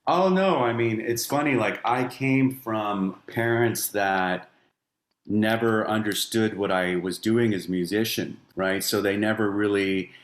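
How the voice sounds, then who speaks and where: Low-voiced reflective man in a roomy space. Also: fairly even intonation, a little slow. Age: middle-aged. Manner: thoughtful, loose phrasing full of "you know" and "like". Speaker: musician guest. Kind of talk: reflective podcast conversation. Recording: roomy echo on voice.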